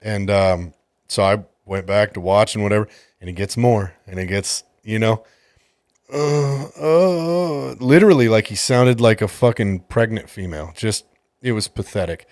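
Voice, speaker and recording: Low-voiced profane man telling a story. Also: normal speed, darkish tone, no echo, studio quality. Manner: profane, exasperated retelling. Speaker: podcast host and jiu-jitsu gym coach. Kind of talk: casual storytelling.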